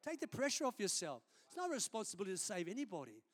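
A man's voice: sits high, wildly swooping pitch, racing. A man, a senior pastor preaching a sermon in a conversational, storytelling way during a church service.

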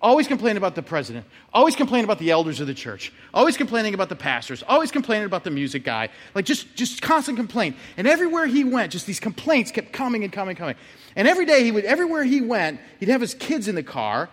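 A man's voice: high-pitched, big pitch swings, fast, in a large hall. A male pastor giving a sermon in a conversational way, often checking in with "right?". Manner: conversational, frequent "right?" asides.

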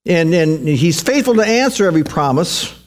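Pastor guy preaching hard, repeats himself, voice sits a bit high. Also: expressive, moderate pace. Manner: emphatic, repetitive preaching. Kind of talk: sermon.

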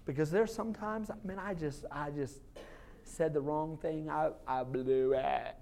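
A man's voice: a little high, unhurried, gravelly, heavy background noise. Man, thirties, lead pastor, casual sermon, quotes in little voices. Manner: conversational preaching, acts out quoted voices. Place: church sanctuary.

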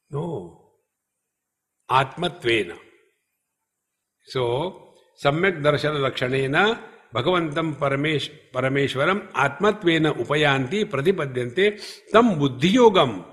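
A man giving a spiritual discourse at a retreat, speaking slowly and emphatically and chanting Sanskrit verses. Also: fairly high pitch, animated, fairly bright tone. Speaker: spiritual teacher. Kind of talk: scriptural discourse. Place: retreat hall.

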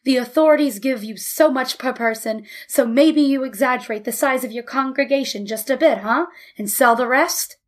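A woman reads the part of a proud, stubborn father from an audiobook, a man quick to anger who speaks bluntly. The voice sits a little high. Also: natural voice. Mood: angry. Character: stubborn proud middle-aged male father.

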